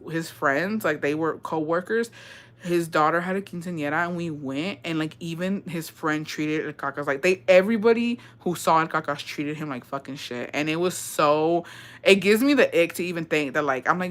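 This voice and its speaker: Bright-voiced young woman, rambling and profane. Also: sits low. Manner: rambling, heavy on "like", blunt and profane; laughs at herself, self-described unserious. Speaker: livestream host. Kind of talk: casual storytelling.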